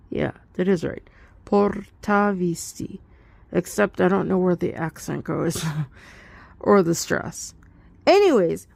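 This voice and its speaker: Young woman rambling about her homework, slow talker, kinda gravelly, dry close sound. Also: on the low side, a little mellow, no room sound. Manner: rambling, thinking aloud with fillers and little laughs. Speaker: homeschool student. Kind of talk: casual study update.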